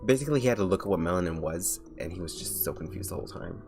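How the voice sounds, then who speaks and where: A man's voice: low voice, lively intonation, rapid-fire, music in the background. A young man streaming as a vtuber, chatting casually while he draws, rambling with lots of filler words and restarts.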